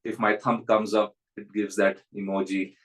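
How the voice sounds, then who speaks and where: A man's voice: on the low side, level tone, normal speed, fairly bright tone, low-quality recording. A man who is a spiritual teacher, giving a reflective spiritual talk and telling stories with frequent chuckles.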